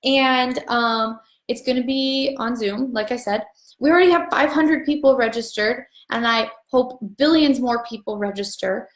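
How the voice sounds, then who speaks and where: A woman facilitating a voice class gives a chatty, upbeat motivational talk to an online audience, rambling along with casual swearing. Her voice is a little high, at normal speed with hardly any pauses, in an echoey room.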